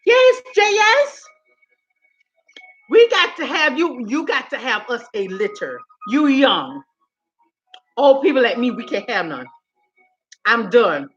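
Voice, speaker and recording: A woman with a voice on the high side speaks at a measured pace, sassily chatting with live-stream viewers and laughing often. She calls them "honey" and "girl" in an animated way. Her phone-camera audio sounds dull.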